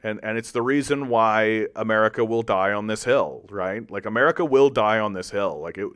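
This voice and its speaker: A man's voice: moderate pace, fairly bright tone, smooth. A man hosting a political commentary show, ranting angrily and sarcastically, swearing and restarting his sentences often. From Canada. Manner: angry, profane, with many restarts and repetitions; sarcastic, mocks opponents in exaggerated high voices. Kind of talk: heated political commentary monologue.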